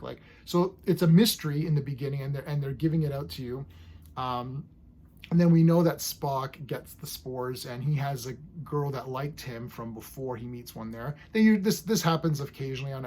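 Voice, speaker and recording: A man's voice: mid-range voice, darkish tone, slight background noise. A man casually reviewing a TV episode, rambling enthusiastically and acting out scenes as he goes.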